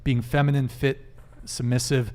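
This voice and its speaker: A man hosting a live-streamed dating panel, briskly reading viewer messages aloud and joking with guests. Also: medium pitch, flat delivery, darkish tone. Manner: brisk, reads donor messages aloud and jokes. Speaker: podcast host.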